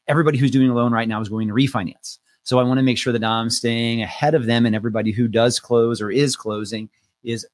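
A man in his thirties co-hosts a podcast, talking in a relaxed way that wanders a little. His voice sits at a medium pitch. The recording is dry and close, with no room sound. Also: no echo. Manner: relaxed, rambling, frequent "uh" fillers. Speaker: podcast co-host and loan officer. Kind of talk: casual podcast talk.

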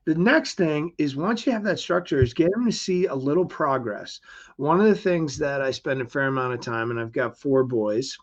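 A man's voice: on the high side, lively intonation, normal speed, muffled recording. A middle-aged man with an upbeat, motivational way of talking, speaking as a guest in a conversational interview. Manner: upbeat and motivational, acts out quoted voices.

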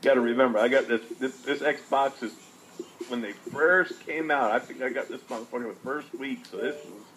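A man's voice: medium pitch, moderate pace, fairly bright tone, slight background noise. A man chatting casually with friends while gaming, laid-back and slangy. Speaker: gamer friend.

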